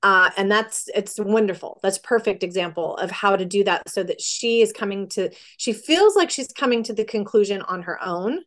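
A woman's voice: medium pitch, animated, fairly bright tone. A middle-aged woman giving parenting advice in a podcast conversation, often acting out what a parent and child might say. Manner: acts out parent-child dialogue with quick quoted voices. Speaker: parenting guest.

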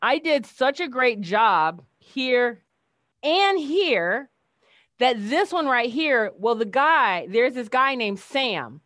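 A woman's voice: a little high, very animated, slow pace, fairly bright tone, no room sound, studio quality. A woman speaker chatting casually as a guest, telling a story animatedly, acting out the dialogue and laughing often.

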